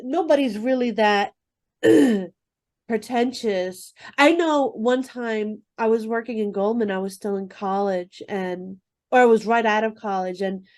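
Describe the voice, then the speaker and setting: A woman co-hosting a podcast, blunt and quick to laugh, swearing freely. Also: a little high, darkish tone. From New York. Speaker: podcast co-host. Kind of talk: casual chat.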